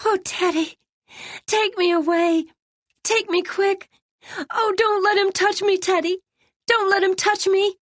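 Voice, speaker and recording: Woman playing a shrill terrified girl, high piercing voice, sobbing, storybook reading. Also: steady tone, unhurried, pauses often, a bit bright, no room sound. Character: terrified young girl, shrieking for help.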